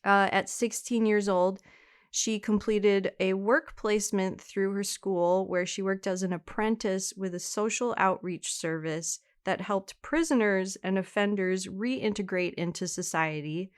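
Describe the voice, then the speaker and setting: A woman's voice: medium pitch, measured pace, clear, resonant tone. A woman, co-hosting a podcast and telling a true-crime case in a chatty way. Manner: chatty, laughs easily, reads case details. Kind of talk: casual true-crime storytelling.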